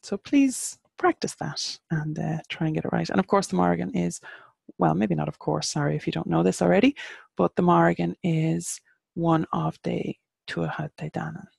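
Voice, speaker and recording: An Irish woman teaching a casual online lesson in a very gravelly, husky voice that stays fairly flat in pitch. She patiently spells out words and slows down to model how they sound. The sound is close and dry. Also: no echo. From Ireland. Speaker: teacher of Irish pagan studies.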